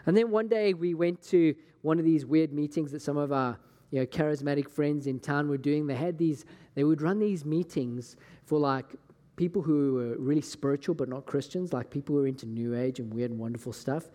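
A man's voice: on the high side, a little fast, mellow. A man with a Scottish accent preaching a sermon as a casual, chatty personal story, acting out conversations along the way. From Scotland. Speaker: pastor. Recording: long hall reverb.

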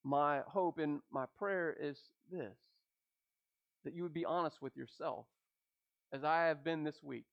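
A man preaching a sermon, asking rhetorical questions and dropping his voice low at the ends of phrases. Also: measured pace, gravelly, long pauses, dull audio. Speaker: pastor.

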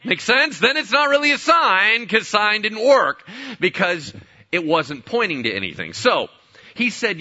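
A man's voice: high-pitched, big pitch swings, measured pace, bright, forceful tone, highs cut off. A man preaching a sermon as pastor, conversational, with rhetorical questions and playful asides.

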